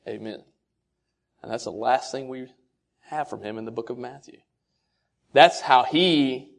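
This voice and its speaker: A man giving a sermon-style talk to fathers, asking rhetorical questions and quoting scripture, his delivery swinging between soft and loud. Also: medium pitch, unhurried, gravelly, pauses often. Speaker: speaker addressing fathers.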